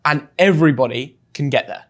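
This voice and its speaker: A young man from England with an English accent, telling a story as a guest in an interview with lively, chatty energy and frequent restarts. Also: fairly high pitch, fairly quick. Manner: chatty and animated, often restarts words. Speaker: guest, football influencer.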